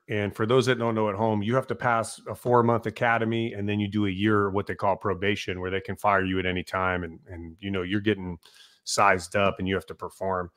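Middle-aged male firefighter guest; lively storyteller who voices the people in his tales. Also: lowish voice. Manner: animated storyteller, swears, acts out quotes loudly. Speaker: podcast guest, fire captain. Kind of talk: casual storytelling.

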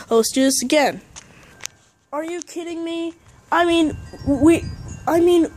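A woman's voice: high voice, a little mellow, slight background noise. A woman playing a fed-up, sarcastic young actor in an amateur comedy sketch, irritated and mocking.

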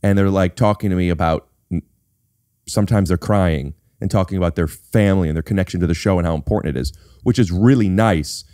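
A man's voice: deep voice, fairly quick, dark tone, dry recording. A man hosting a podcast, explaining things in a playful, mock-serious way into a studio mic. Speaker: podcast host and actor. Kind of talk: casual podcast chat.

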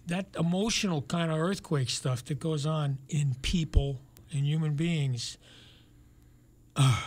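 Soft-spoken reflective man, slightly high. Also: measured pace. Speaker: guest actor. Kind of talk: casual radio talk.

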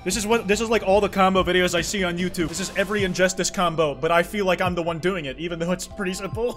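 Casual-sounding young guy gamer, high bright voice, swears constantly, faint game music. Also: fast talker, hardly any pauses. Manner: excitable, swears a lot. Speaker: gaming streamer. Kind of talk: profane gameplay commentary.

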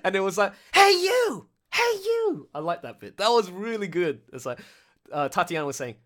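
A man hosting a casual livestream chat with voice actors, excitable and rambling, laughing often. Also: high voice, fast. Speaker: livestream host.

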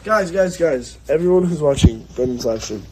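A young man chatting casually with friends, playful, teasing and excitable. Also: on the high side, normal speed, rough recording. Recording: faint background noise.

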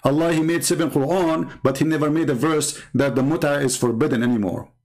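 Man, Arabic accent, taunting commentary, sarcastic, slightly high voice. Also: steady tone, brisk, darkish tone. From Arab world. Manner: taunting, sarcastic, repeats words in bursts. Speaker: Christian apologist. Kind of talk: mocking polemical commentary.

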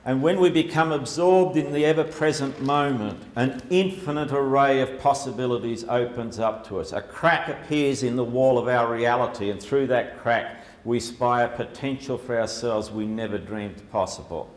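Aussie guy telling stories to a crowd, lots of uhs, mid pitch, roomy echo. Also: moderate pace, hardly any pauses. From Australia. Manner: chatty, humorous, many fillers. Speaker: speaker. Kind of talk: storytelling public talk with slides. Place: lecture hall before an audience. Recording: echoey hall, faint background noise.

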